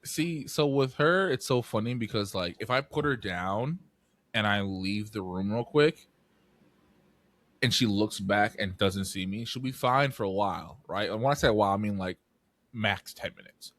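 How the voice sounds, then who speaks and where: A young man co-hosting a podcast, telling animated stories in casual chat, swearing freely and acting out voices. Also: on the low side, normal speed, no room sound. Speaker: podcast co-host.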